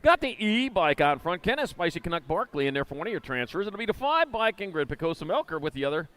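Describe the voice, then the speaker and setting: High and sing-song, with a fairly bright tone, this man's voice carries live race commentary from an indoor BMX arena. Between heats the announcer tosses out corny jokes, while rapidly calling out rider names and moto numbers.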